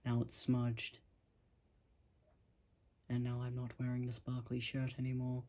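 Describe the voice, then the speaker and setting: A man talking casually to his camera at home, rambling and self-deprecating, in a musing, soft-spoken way. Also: mid-range voice, completely flat delivery, unhurried. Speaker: vlogger.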